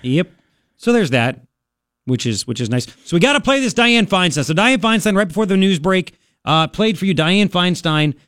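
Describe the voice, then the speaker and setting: A man's voice: high voice, animated, moderate pace, fairly bright tone, no echo, clean studio sound. A man hosting talk radio, giving indignant, mocking commentary.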